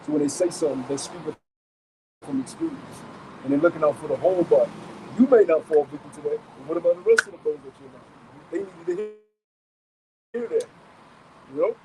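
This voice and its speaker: Guy street preaching outside, cusses a lot, repeats himself, kinda high voice, some noise around. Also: very animated, a little fast, pauses often. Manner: emphatic, profane, repetitive, rhetorical questions. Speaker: camp elder and teacher. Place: outdoors.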